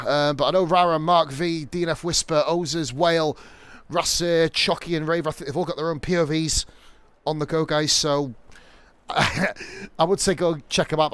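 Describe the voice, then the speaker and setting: A young man commentates a sim racing stream in a slightly high voice. He rambles, swears freely and cracks jokes between laps. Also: fairly bright tone, no room sound.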